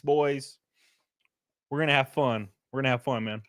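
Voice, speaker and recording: A middle-aged man, hosting a casual livestream, joking loudly and reading out chat messages. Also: mid-range voice, normal speed, no room sound, studio quality. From Alabama. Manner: loud, joking, reads chat. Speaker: streamer host. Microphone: headset.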